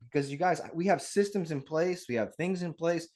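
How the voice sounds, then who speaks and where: A man hosting a live real estate webinar, talking in an energetic, upbeat way straight to his audience over a video call mic. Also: a little high, moderate pace. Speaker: webinar host.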